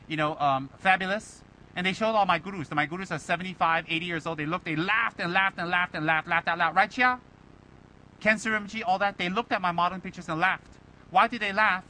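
A man speaking as a Buddhist lama, loose and talkative with his students, who keeps firing rhetorical questions and mimicking the people who criticize him. His voice sits high and sounds bright and forceful. A faint low rumble, like a passing vehicle, runs behind him. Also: low-quality recording. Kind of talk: informal dharma talk to students.

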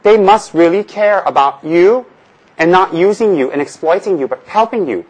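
A man's voice: sits high, lively intonation, moderate pace, a little mellow, rough recording. A man from Tibet teaching as a Buddhist teacher in a casual Dharma talk, joking and asking rhetorical questions, often repeating phrases.

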